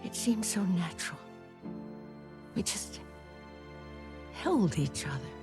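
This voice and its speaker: An actress playing an elderly woman who served as a nurse in a great war, recalling it softly and reflectively, sometimes dropping to a whisper. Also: medium pitch, natural voice. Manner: soft, reflective, drops to a whisper at times. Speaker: former wartime nurse recalling her past. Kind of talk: first-person docudrama narration.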